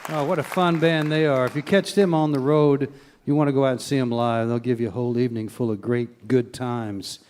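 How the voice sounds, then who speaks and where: A man's voice: mid-range voice, fairly even intonation, brisk, darkish tone, a faint crowd, slight background noise. A man hosting a live radio music show, introducing bands in an easygoing, folksy way. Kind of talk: live stage show announcing. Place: theater stage with live audience.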